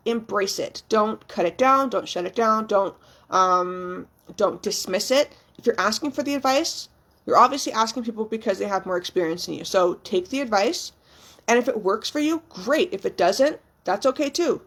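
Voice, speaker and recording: A young woman vlogging as a new mother, talking candidly and emotionally, rambling with frequent ums and casual swearing. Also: mid-range voice. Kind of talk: casual, candid vlog chat.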